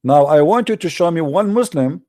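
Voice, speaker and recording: A man's voice: fairly high pitch, lively intonation, normal speed, warm tone, no echo. Argumentative man, dry close sound. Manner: argumentative, mocking, challenging. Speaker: host. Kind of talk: debate on a live call-in stream.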